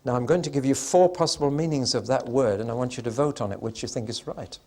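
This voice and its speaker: A man's voice: medium pitch, quick pace, a little mellow. A man giving a Bible teaching talk to an audience, emphatic and conversational with dry humor, swelling suddenly on stressed words and drawing them out.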